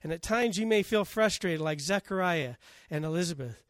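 Guy preaching, higher voice, tells bible stories and acts out the lines. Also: animated, normal speed, dry recording, clean studio sound. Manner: storytelling, acting out scripture quotes. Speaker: pastor. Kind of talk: sermon.

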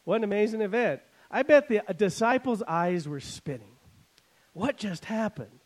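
A pastor preaching a sermon, swinging between loud emphasis and quiet asides, and paraphrasing scripture in a wry, conversational way. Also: male voice, high voice, expressive, moderate pace, low-quality recording.

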